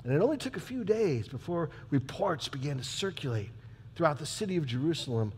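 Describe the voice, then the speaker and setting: A man playing a troubled, proud Roman governor in a dramatic church monologue, emphatic and swinging between loud declarations and hushed asides. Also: fairly high pitch, sing-song, fairly quick, long reverb tail, slight background noise. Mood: bewildered. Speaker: character monologue performer.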